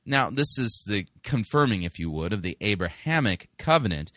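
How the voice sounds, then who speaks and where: Bright-toned man giving sermon commentary. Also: on the low side, sing-song, no room sound, clean studio sound. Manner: conversational, many fillers, slows down to stress key words. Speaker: podcast host.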